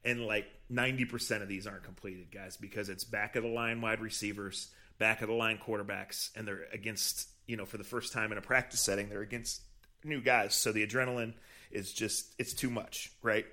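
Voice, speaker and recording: A man's voice: on the low side, a little fast. A man co-hosting a casual podcast, telling stories from practice and acting out what people said. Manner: animated storyteller who acts out quotes. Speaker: podcast co-host, team reporter. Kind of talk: casual podcast chat, storytelling.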